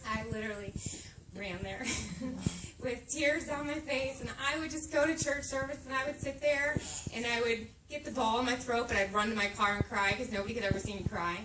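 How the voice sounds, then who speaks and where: Brief: high-pitched woman in her thirties, heartfelt testimony, heard from a distance with noise behind. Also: brisk. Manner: heartfelt, emotional storytelling. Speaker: speaker sharing her testimony. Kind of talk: personal faith testimony to a group. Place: meeting room at a moms' camp. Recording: echoey room, distant mic, background noise.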